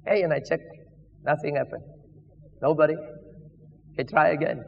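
A South African man preaching with fervour, his high voice dropping to a hush and then rising to a shout. He sounds far from the mic in a big, reverberant church hall. The sound is dull and muffled. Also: moderate pace, gravelly, long pauses. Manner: fervent preaching, swinging from hushed to shouted. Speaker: preacher giving testimony. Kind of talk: sermon testimony.

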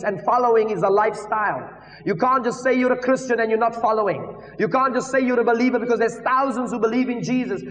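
A man with a South African accent preaching a sermon testimony, swinging from hushed tones to shouting. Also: sits high. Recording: echoey hall, distant muffled mic.

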